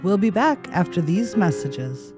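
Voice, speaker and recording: A woman's voice: on the low side, big pitch swings, a little slow, loud music behind the voice. A woman co-hosting a podcast, telling a history story with playful, jokey asides. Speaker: podcast co-host. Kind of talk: scripted podcast banter.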